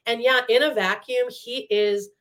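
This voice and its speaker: A woman in casual gossip chat, retelling reality show scenes in an animated way and swearing often. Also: on the high side, unhurried. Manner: animated storytelling, acts out quotes, swears often.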